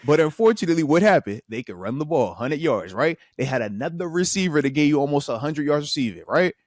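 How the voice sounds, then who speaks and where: A man hosting casual sports talk, animated and emphatic, repeating himself when he gets worked up. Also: a little high, fast talker, no room sound, studio quality. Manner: animated, frustrated, emphatic repetition. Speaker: podcast host, former linebacker.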